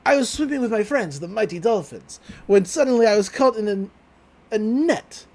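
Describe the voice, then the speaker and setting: A podcast host voicing a formal, earnest merman teen boy in a lowered voice. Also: animated, moderate pace, a little mellow. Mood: solemn. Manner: stiff, formal phrasing.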